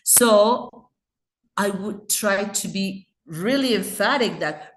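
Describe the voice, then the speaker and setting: A woman's voice: mid-range voice, lively intonation, takes it slowly, reverberant. A woman with a Mexican Spanish accent teaching English grammar in an online class, patiently explaining and checking in with her students.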